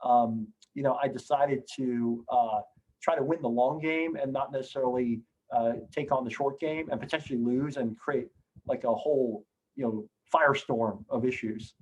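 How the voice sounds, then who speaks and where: A man's voice: mid-range voice, steady tone, normal speed, a little mellow, slight background noise, rough recording. A middle-aged man telling a career story in a Q&A, rambling with many fillers and restarts. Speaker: guest on a Q&A session. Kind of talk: storytelling in a recorded Q&A.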